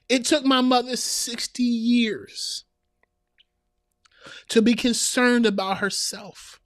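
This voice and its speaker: A man's voice: high-pitched, fairly even intonation, unhurried, fairly bright tone, no echo, clean studio sound. A man hosting a podcast, telling a personal story in a heartfelt, preacherly manner and speaking directly to listeners as sisters. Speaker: podcast host. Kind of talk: heartfelt motivational monologue.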